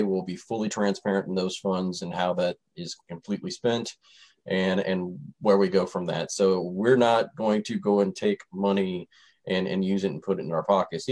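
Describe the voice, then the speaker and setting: A man hosting a casual talk radio show, easygoing and rambling. His voice sits a little low. He drifts along with many fillers and restarts. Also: moderate pace, darkish tone, rough recording. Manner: rambling, loose, lots of fillers. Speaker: host.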